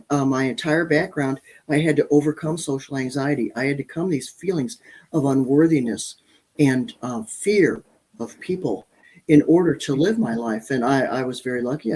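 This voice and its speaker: Husky-voiced woman, earnest and candid. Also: a bass voice, a little mellow, low-quality recording. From Michigan. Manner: earnest, candid, with frequent restarts. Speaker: guest, parenting author. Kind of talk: interview conversation.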